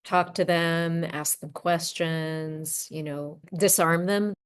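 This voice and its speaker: A woman hosting a podcast, asking an interviewee measured, thoughtful questions. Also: low voice, steady tone, clean tone. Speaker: podcast host.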